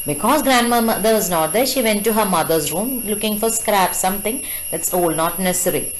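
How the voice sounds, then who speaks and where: A woman's voice: mid-range voice, normal speed, slight background noise, poor audio. Woman retelling and explaining a story. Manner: retells and explains a story, asks the class questions. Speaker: teacher.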